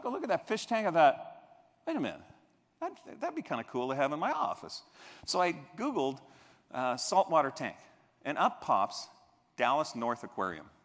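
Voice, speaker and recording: A man giving a motivational keynote on a convention stage, telling stories and acting out the people in them. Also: medium pitch. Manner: animated, acts out quoted voices. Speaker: keynote speaker. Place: large convention hall stage. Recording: reverberant convention hall.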